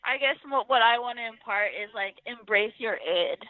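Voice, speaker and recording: A woman's voice: fairly high pitch, normal speed, narrow, tinny audio. A woman comedian on as a guest in casual chat, playful and giggly.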